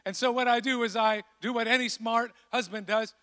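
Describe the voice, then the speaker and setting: A male pastor delivers a sermon with a fairly high voice, lively and acting out the people in his story. His words ring out with a long reverb that fills the church around him. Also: fairly quick, hardly any pauses. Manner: animated, acts out voices of the disciples.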